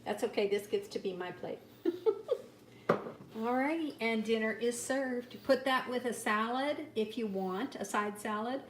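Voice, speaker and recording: A middle-aged woman giving a chatty, upbeat cooking demonstration and product pitch, talking straight to her viewers from a home kitchen. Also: normal speed, reverberant, distant mic, slight background noise. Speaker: cooking demonstrator and sales consultant.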